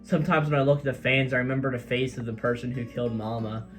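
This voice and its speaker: A man voicing a heartbroken teenage idol girl in a soft, subdued tone. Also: medium pitch, level tone, quick pace, faint music behind, natural voice. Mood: tearful. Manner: soft, subdued reading of quoted lines.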